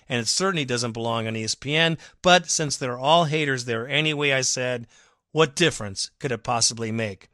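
A man's voice: fairly high pitch, dry recording, studio quality. Fired-up man ranting on a fan podcast. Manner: emphatic, rallying, sarcastic rant with sudden loud bursts. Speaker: podcast host.

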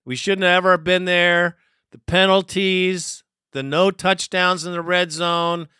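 A man's voice: sits high, little pitch movement, measured pace, sharp tone, smooth, no echo, studio quality. A man hosting a fan podcast, talking casually with some profanity. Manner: profane, laid-back. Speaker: podcast host.

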